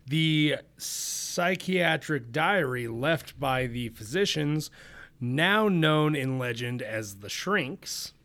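Young male co-host reading a comic summary aloud with joking asides; bright, animated delivery. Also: a little high. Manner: laughs often, joking asides. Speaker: podcast co-host.

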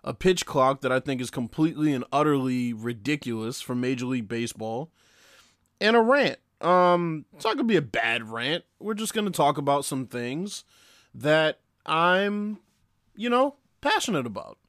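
A man's voice: medium pitch, expressive, normal speed, a bit bright, no room sound, studio quality. A man in his late twenties hosting a sports podcast, talking casually, brash and profane, chatting straight to his listeners. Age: 20s. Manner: brash, profane and upbeat, addresses listeners directly. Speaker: podcast host.

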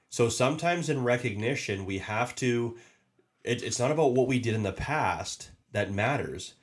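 A man's voice: medium pitch, animated, normal speed. A man giving a casual motivational talk as a podcast host, emphatic and repetitive, often restarting his sentences. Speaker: podcast host and sales leader.

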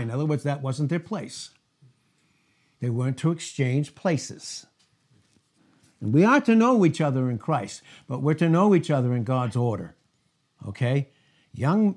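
A man preaching a verse-by-verse sermon, reading scripture aloud and breaking off into asides and rhetorical questions. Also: fairly high pitch. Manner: reads scripture aloud in King James phrasing. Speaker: pastor. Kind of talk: expository sermon.

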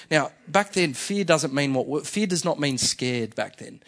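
Male senior pastor, fairly high voice, casual conversational sermon delivery. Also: expressive, measured pace, hardly any pauses, a bit bright. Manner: conversational, with frequent fillers and restarts.

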